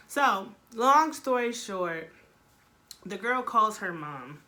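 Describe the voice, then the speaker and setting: A young woman with a bright, forceful voice tells a story to her camera in a casual, blunt way. She swears freely, talks in an animated way, and acts out the lines of the people in her story. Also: medium pitch, slow pace. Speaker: vlogger.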